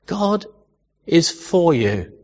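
A man preaching with passion, his somewhat high voice ringing out in a long hall reverb. The sound is dull and lo-fi, as from a church recording. He builds to loud exclamations, then drops to quiet, tender asides. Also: sing-song, extremely slow. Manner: impassioned, rising to loud exclamations. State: emotional. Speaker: pastor. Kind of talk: sermon.

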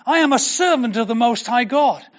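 A man's voice: very high-pitched, animated, moderate pace, highs cut off. An older man preaching a sermon as pastor, earnest and building to emphatic declarations.

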